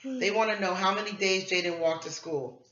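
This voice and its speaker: Encouraging homeschool parent, bright voice. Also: mid-range voice, slight background noise. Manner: encouraging, repeats phrases, quick praise. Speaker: homeschooling parent teaching a young child. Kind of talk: coaching a child through word problems. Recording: echoey room, slightly dull sound.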